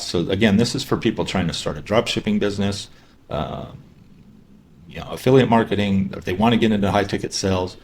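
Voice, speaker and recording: A man's voice: on the low side, fairly quick, a little mellow, a little hiss or hum. A man giving a casual sales training lecture, talking loosely with fillers and restarts. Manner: conversational, many fillers and restarts; acts out sample questions in a lighter voice. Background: dogs barking.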